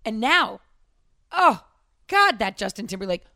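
A woman's voice: on the high side, very animated, unhurried, pushed and bright, no room sound, studio quality. A woman in her thirties from Massachusetts, co-hosting a casual podcast chat and joking around on the fly. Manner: giggly, jokey, riffs on the fly. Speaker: podcast co-host.

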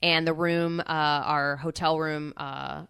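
A young woman with a bright, slightly low voice tells a story on a casual podcast. She is animated and acts out the lines of the people in her story. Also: slow, vocal fry, clean tone. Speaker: podcast co-host. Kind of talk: casual chat.

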